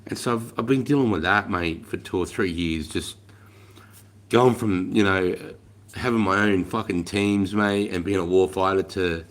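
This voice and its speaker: At a moderate pace, a very deep-voiced Australian man in his forties hosts a laid-back livestream. He wanders through his talk, swearing freely and addressing everyone as mate, often trailing into a quieter mutter.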